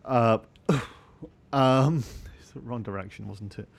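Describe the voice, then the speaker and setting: A Scottish man hosting a casual podcast, his medium-pitched voice running loose and rambling. He is sleep deprived, so he keeps circling back and correcting himself, padding his thoughts with fillers and self-mocking asides. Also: takes it slowly, vocal fry. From Scotland. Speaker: podcast host.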